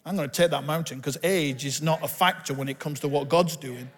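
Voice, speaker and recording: A pastor with a Bolton accent and a fairly high voice preaches in a candid, conversational way, mixing self-deprecating stories into the sermon. His voice carries a long reverb, as in a church hall. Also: a little fast, few pauses. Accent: Bolton, northern English. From Bolton, England.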